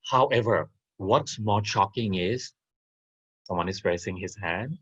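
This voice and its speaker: A man's voice: lowish voice, unhurried, fairly bright tone, slightly rough, highs cut off. Man telling a story to an online class. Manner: interactive, asks the audience questions. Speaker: teacher.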